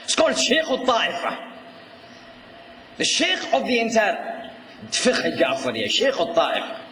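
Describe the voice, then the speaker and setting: High-voiced emphatic preacher man. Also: huge pitch swings, measured pace, slight background noise. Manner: emphatic, often rising to a shout, asks the audience questions. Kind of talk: religious lecture. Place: lecture hall. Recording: echoey hall recording with faint ambience.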